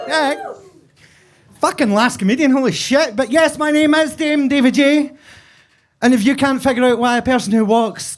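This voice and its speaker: A camp, sweary man in his forties from Glasgow with a Glaswegian accent, doing a flamboyant stand-up set on a club stage. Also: very high voice. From Glasgow, Scotland. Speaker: stand-up comedian. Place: comedy club basement stage.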